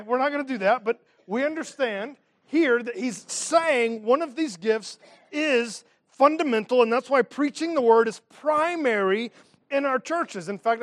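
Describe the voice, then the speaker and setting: A man's voice: very high voice, no echo. A man preaching a teaching sermon as pastor of his church, reading scripture and adding humorous asides.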